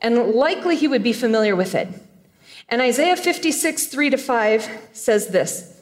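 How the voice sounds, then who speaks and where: High-voiced woman preaching a lively sermon. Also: normal speed. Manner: animated storytelling, playful asides. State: choked up with emotion.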